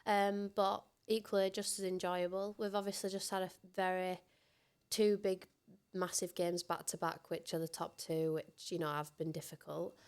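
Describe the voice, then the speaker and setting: A woman's voice: lowish voice, little pitch movement, normal speed, darkish tone, clean tone. A woman with a Northern English accent, a rugby league player answering interview questions in a friendly, chatty way with frequent laughs. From Northern England. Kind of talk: casual interview chat.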